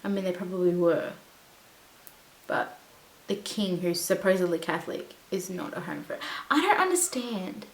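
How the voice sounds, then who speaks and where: A woman's voice: lowish voice, sing-song, moderate pace. A woman vlogger chatting casually about a TV show, rambling with lots of fillers and restarts. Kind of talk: casual chat. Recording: echoey room with faint hiss.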